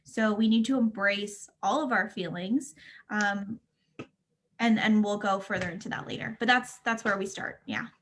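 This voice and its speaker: A woman speaking in a calm, explanatory way as a mental health speaker in a casual discussion. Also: medium pitch, normal speed, a little hiss or hum.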